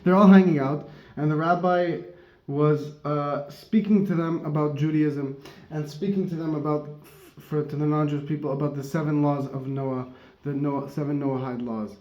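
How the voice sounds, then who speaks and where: A man's voice: on the high side, fairly even intonation, normal speed, darkish tone. A man giving a casual Torah teaching, who rambles, corrects himself and laughs often. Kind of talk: casual religious teaching talk. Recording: dull, roomy recording.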